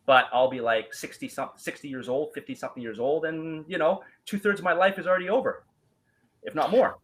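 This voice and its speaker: A man telling his story as a guest in a casual talk, animated, acting out quoted voices and using many fillers. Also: on the high side, fairly quick, rough recording.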